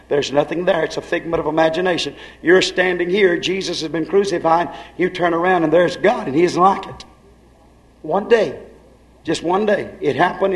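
High-voiced man preaching a fervent sermon. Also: rough recording. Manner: fervent preaching, swinging between hushed and shouted lines.

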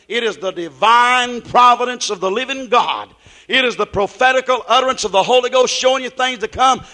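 A man delivers a fervent sermon in a strikingly high, bright, cutting voice. He rises to loud emphatic peaks, then drops to near-whisper asides, and keeps asking the congregation whether they follow him. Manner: asks the congregation questions. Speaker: preacher.

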